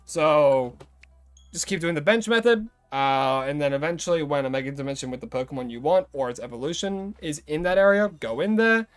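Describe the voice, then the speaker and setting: A man's voice: on the high side, expressive, a little fast, dry recording, soft background music. A young Australian man chatting casually with his viewers as a game streamer, greeting them and rambling between tips. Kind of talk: casual live-stream chat.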